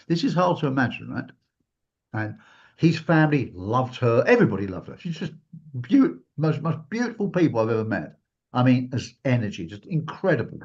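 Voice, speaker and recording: A man telling a personal story during a talk, animated and acting out the lines of the people he quotes. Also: medium pitch, breathy edge. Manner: animated, acts out quotes in a raised voice. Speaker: guest speaker. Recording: dull lo-fi recording.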